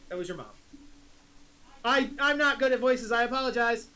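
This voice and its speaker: Halting, self-mocking man running the game. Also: very high voice, sharp tone, poor audio. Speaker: game master. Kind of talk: narrating a tabletop game.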